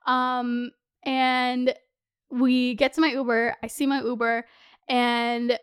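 A young woman telling a story in casual chat, animated and swearing, full of "like" fillers. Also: fairly high pitch, slow, clean tone. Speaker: podcast host.

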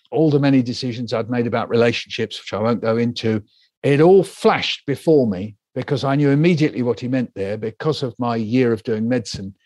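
A man's voice: medium pitch, fairly quick, dry recording. Older man telling a story vividly. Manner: animated storyteller acting out quoted voices. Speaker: guest author. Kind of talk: storytelling interview answer.

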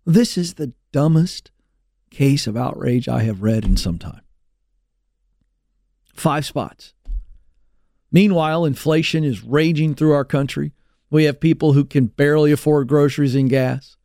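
A man's voice: a little slow, pauses often, mellow, no echo. A man hosting a talk show, ranting sarcastically in an opinion monologue in a studio. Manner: sarcastic and ranting, big swings in pitch. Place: radio studio.

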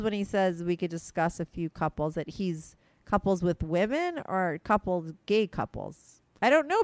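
A woman's voice: mid-range voice, no echo. A woman hosting a podcast, chatting in a rambling way with lots of fillers. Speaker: podcast host. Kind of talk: casual podcast chat.

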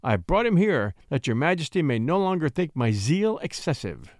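A man's voice: fairly high pitch, sing-song, moderate pace, a little mellow, dry recording, studio quality, voice pushed up. A man voicing a stern, harsh-voiced duke who is suspicious and zealous, giving clipped orders. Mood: urgent.

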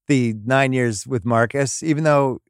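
Dry-sounding excitable male podcast host. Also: medium pitch, measured pace, smooth, dry recording. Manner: rambling, excitable, breaks into laughs. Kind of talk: casual sports chat.

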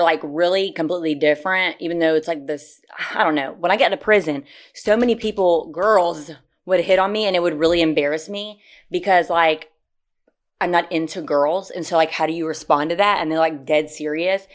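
A woman co-hosting a podcast, telling stories in a casual, profane, animated way. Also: low voice. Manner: profane, animated storytelling with laughter. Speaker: podcast co-host. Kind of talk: casual chat.

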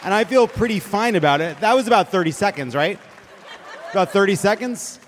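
A man in his forties hosting a live comedy show, rambling and self-mocking, with occasional bursts of shouting. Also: sits high, lively intonation, fairly quick. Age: 40s. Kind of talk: live stand-up banter. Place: theater stage with live audience. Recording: reverberant venue with crowd noise.

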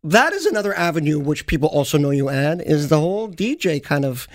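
A man hosts a radio interview with a fairly high, upbeat voice. He reads the station IDs and chats with his guest over a close, dry studio mic. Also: very animated, brisk, no echo. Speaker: radio show host. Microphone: studio microphone.

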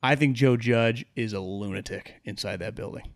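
A man co-hosting a sports podcast, telling animated, jokey stories in casual banter. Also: medium pitch, normal speed, gravelly. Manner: animated storyteller, jokey asides. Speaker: sports talk podcast co-host.

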